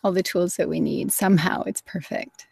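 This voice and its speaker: A woman's voice: fairly low pitch, normal speed, creaky, darkish tone, husky, no echo, studio quality. A middle-aged woman hosting a live wellness show, chatting enthusiastically with a guest. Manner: enthusiastic, gushing, acts out quotes. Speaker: host.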